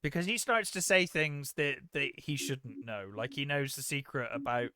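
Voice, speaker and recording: A man's voice: medium pitch, moderate pace, sharp tone, no echo, studio quality. A man co-hosting a casual movie review podcast, retelling scenes with lots of "um" and quoted lines. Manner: retells scenes with acted-out quotes, many fillers. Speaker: podcast co-host.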